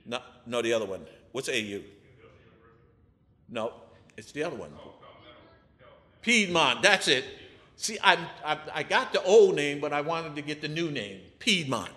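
A man tells a church testimony with a bright, forceful voice pitched a little high. His speech is animated and full of rhetorical questions for the congregation, and it rings out in the long reverb of a big hall. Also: a little slow, long pauses. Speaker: person giving a testimony.

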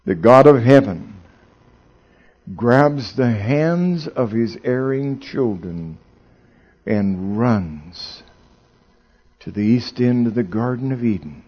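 A man preaching a sermon, swinging from hushed storytelling to loud, exclaiming emphasis, and asking the audience questions. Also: mid-range voice, expressive, slow, husky, highs cut off.

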